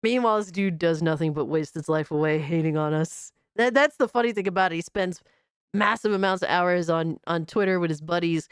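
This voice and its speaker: A woman's voice: on the low side, fairly quick, clean tone, dry recording, clean studio sound. Mocking profane woman streamer. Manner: mocking, profane, laughs at the clip. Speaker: streamer host reacting to a video. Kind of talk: casual reaction commentary.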